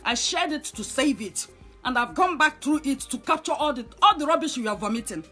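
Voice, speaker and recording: A Nigerian woman with a high-pitched voice rants angrily, scolding her target and hammering away with repeated rhetorical questions. Faint music plays quietly behind her. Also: expressive, a little fast. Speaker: online commentator. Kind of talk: angry direct-to-camera rant.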